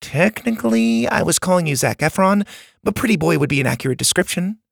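A man voicing a nerdy boy who fires back quick, sharp-tongued comebacks. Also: high voice, animated, vocal fry, no room sound, studio quality, pitched above the performer's own voice, exaggerated voice. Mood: snarky.

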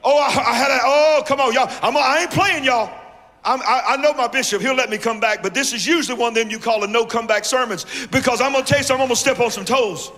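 High-voiced, shouting male preacher. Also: fast. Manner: shouting, call-and-response preaching. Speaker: guest preacher. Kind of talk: sermon. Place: large church hall. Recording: long church reverb with music.

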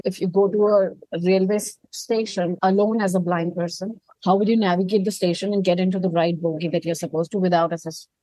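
A woman speaks as a podcast guest with earnest conviction, laying out her points in a persuasive, steady way. Her voice sits in a middle pitch, and the recording is dry and close with almost no room sound. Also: dry recording, poor audio. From India. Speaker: guest, founder of an accessible travel company. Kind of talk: conversational podcast interview.

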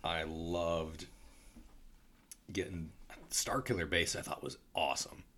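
A man's voice: low-pitched, fairly even intonation, slow, sharp tone. A man chatting casually about a movie he liked, swearing freely and acting out quotes. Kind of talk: casual movie review chat.

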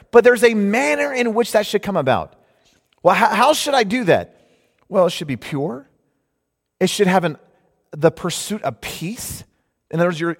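Animated high-voiced preacher in a hall. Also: male voice. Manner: animated, mocking voices in quotes. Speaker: pastor. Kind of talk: sermon. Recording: long hall reverb.

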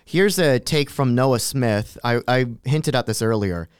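Man, smooth clear voice, casual political commentary, dry close recording. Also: medium pitch, a little slow, no echo. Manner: reads long quoted tweets aloud, conversational asides. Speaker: co-host.

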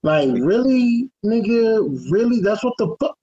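Emphatic high-voiced man, dull lo-fi audio. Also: big pitch swings, a little slow, mellow, slightly rough. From Detroit and Houston. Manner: profane, emphatic, preachy. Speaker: podcast co-host. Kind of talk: casual podcast chat.

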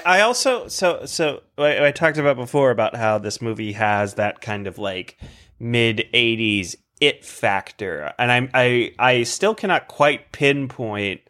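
A man's voice: mid-range voice, a bit bright. A man co-hosting a movie podcast, hesitant and searching for words, with many restarts. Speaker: podcast co-host. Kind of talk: casual movie discussion.

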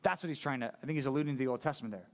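A male pastor preaching a sermon in a casual, conversational, animated way. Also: mid-range voice, rapid-fire.

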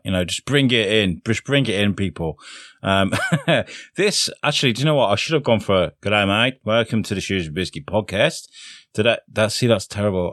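A man's voice: fairly low pitch, no echo, studio quality. A man with a chatty, rambling, self-deprecating way of talking, hosting his podcast and introducing an episode. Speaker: podcast host. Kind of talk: solo podcast intro, casual chat.

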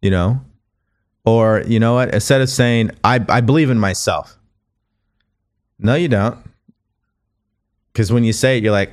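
A man with a fairly low voice speaks as a motivational coach on his own show. He talks in an earnest, conversational way, often circling back and restarting phrases to press his point. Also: normal speed, pauses often. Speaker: podcast host and coach. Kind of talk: motivational monologue.

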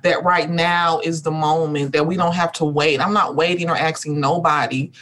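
A woman's voice: low voice, fairly even intonation, normal speed, fairly bright tone. A woman guest talking in an earnest, reflective way, building her points through repeated rhythmic phrases. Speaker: guest, rest activist. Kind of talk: reflective spiritual conversation.

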